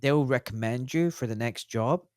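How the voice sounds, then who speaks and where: A man's voice: mid-range voice, normal speed, darkish tone, smooth, dry recording, clean studio sound. A man in his forties, a doctor and podcast guest, telling stories bluntly and animatedly, swearing freely in casual conversation.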